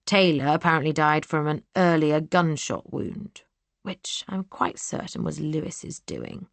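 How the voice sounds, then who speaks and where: A woman voicing a cool, scheming young man who sneers and sometimes drops to a hush. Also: low voice, a little slow, vocal fry, no room sound. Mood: coolly boastful. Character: cold scheming young man, villainous brother.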